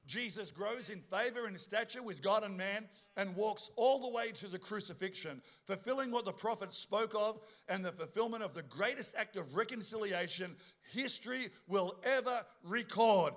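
A man's voice: high-pitched, moderate pace, hardly any pauses. A middle-aged man preaching a sermon, telling jokey stories and bantering with the congregation. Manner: animated, joking storyteller with asides to the congregation. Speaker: pastor.

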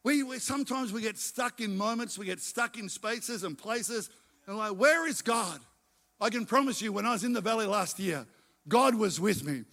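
A man's voice: high-pitched, creaky, pushed and bright. A middle-aged man preaching a sermon, emphatic and repeating his phrases as he tells his own story. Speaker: pastor.

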